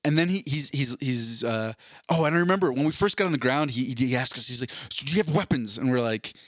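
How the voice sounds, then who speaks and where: A man co-hosting a casual podcast tells a story fast in a medium-pitched voice. He's an animated storyteller who laughs often and acts out what others said.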